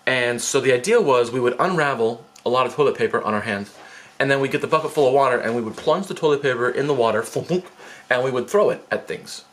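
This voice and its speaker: A man's voice: mid-range voice, fast, a bit bright, slight background noise. A man, a former teacher, telling a story to camera in a chatty, self-deprecating, rambling way.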